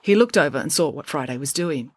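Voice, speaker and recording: A woman tells a children's adventure story in a fairly low voice that moves freely up and down. The recording is close and dry, with nothing around it. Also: fairly quick, slightly rough, dry recording. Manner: expressive, even storytelling. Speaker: audiobook narrator. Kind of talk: storybook narration.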